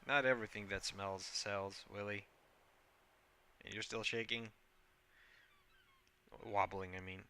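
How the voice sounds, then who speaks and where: A man's voice: fairly low pitch, measured pace, long pauses, bright, forceful tone, slight background noise. A man giving casual game commentary in a rambling, hesitant and playful way, with a habit of saying "like". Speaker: gameplay host.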